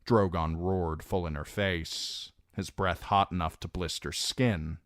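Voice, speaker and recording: A man reading a fantasy novel aloud as an audiobook narrator, in measured, dramatic storytelling. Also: low voice, fairly even intonation, fairly bright tone, no room sound, clean studio sound. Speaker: audiobook reader.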